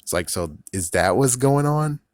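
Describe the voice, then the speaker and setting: A man's voice: medium pitch, lively intonation, moderate pace, dry recording. A man casually reviewing a TV series, rambling and sarcastic, swearing often and repeating "it's like". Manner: profane, sarcastic, incredulous.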